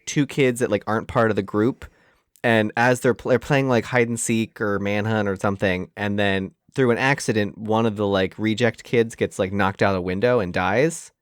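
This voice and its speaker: A man's voice: lowish voice, fairly even intonation, normal speed, no room sound, studio quality. A man co-hosting a casual podcast chat, talking hesitantly with lots of "like" fillers. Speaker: podcast co-host.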